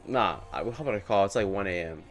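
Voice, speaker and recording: With faint music behind him, a young man streams his day trading live, his low voice expressive and his pace quick. He chats casually and rambles in slang, coming back again and again to "bro."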